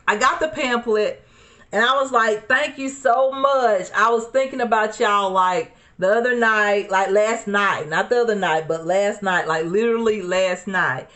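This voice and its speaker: A woman's voice: medium pitch, bright, forceful tone. A woman from Alabama, chatting casually to viewers while doing her makeup, repeating herself and calling them y'all. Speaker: beauty vlogger. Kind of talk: casual get-ready-with-me chat. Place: home desk corner.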